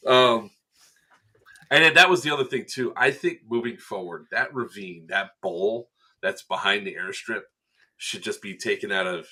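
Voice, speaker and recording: A man chatting casually on a podcast, telling an animated story, acting out quotes and laughing often. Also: medium pitch, slow pace, slightly rough. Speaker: event staff member recounting a game day.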